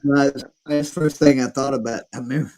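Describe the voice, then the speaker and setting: A man, hosting a casual chat and telling a rambling, profane story, acting out quotes loudly. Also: mid-range voice, fairly even intonation, brisk, a crowd in the background, rough recording. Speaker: podcast host.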